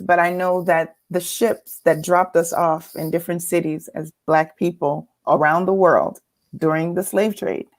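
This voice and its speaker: An earnest woman from California, United States, shares personal stories as a guest, speaking reflectively and thoughtfully and sometimes laughing. Her voice is slightly low with a darkish tone.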